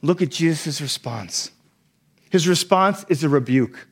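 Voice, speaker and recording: A man's voice: fairly high pitch, lively intonation, measured pace, husky. A man who is a parent, preaching a sermon as pastor and explaining a Bible passage, now and then acting out the quoted lines. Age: young adult to middle-aged, a parent.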